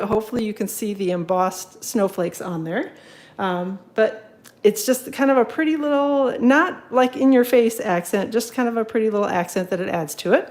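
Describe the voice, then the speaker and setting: A woman's voice: medium pitch, a little mellow, rough recording. Woman hosting a live home craft demo, casual and chatty, lots of ums. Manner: chatty, with many ums, greets viewers while working. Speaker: craft demonstrator. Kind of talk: live card-making tutorial.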